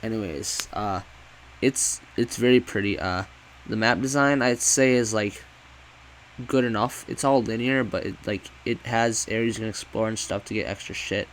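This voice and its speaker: A man with a lowish voice rambling through a casual game review, swearing freely and backtracking mid-sentence. Faint noise hums behind him. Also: moderate pace, rough recording. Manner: rambling, profane, self-correcting.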